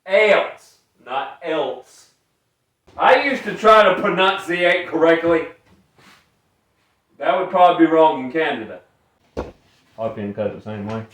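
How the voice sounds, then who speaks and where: A man's voice: on the high side, lively intonation, moderate pace, long pauses, a bit bright. A man with a Southern US accent, chatting casually and jokingly as a DIY vlogger. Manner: playful, jokey, mimics animal calls. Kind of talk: casual vlog chat. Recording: echoey and distant from the mic.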